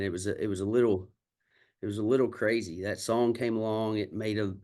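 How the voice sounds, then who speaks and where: Salty man telling stories. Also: on the low side. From Kentucky. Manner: candid, salty storyteller who acts out quoted exchanges. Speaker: country singer and songwriter guest. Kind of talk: casual storytelling interview.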